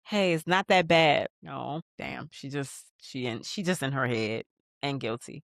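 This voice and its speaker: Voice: mid-range voice, unhurried, vocal fry, fairly bright tone, no room sound, clean studio sound. A podcast host giving a casual rewatch recap of a TV episode, chatting straight to viewers and reading out scene lines between asides.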